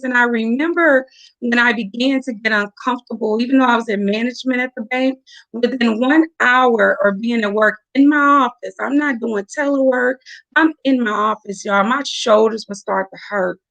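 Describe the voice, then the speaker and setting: Effusive woman with a gravelly voice. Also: on the high side, moderate pace, fairly bright tone, no room sound. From Tennessee, US. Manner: effusive, laughing, addresses viewers as y'all. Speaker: host announcing her new venture. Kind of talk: emotional live-stream announcement.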